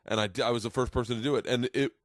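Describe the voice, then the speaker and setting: A man in his forties hosting a podcast, telling rambling, excitable stories with plenty of swearing. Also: medium pitch, racing, no room sound, studio quality. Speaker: podcast host. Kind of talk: casual podcast chat, storytelling.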